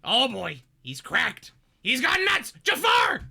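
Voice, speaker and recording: A man putting on the voice of a loud, screechy male cartoon parrot sidekick, yelling in exasperated rants with a raspy, nasal tone. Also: very high voice, wildly swooping pitch, takes it slowly, pitched above the performer's own voice, full character voice. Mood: frantic. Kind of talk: impression of a comedian's parrot voice.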